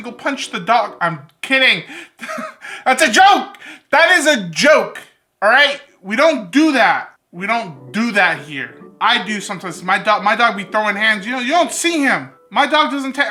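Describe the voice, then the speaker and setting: Bright, sarcastic woman reacting. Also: sits high. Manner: sarcastic, joking, lecturing. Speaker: reaction video host. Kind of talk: casual reaction commentary.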